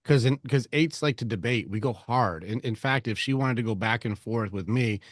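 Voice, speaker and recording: A man's voice: mid-range voice, normal speed, no room sound, clean studio sound. A man coaching another man in a conversation, blunt and given to swearing, who acts out both sides of arguments. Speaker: relationship coach.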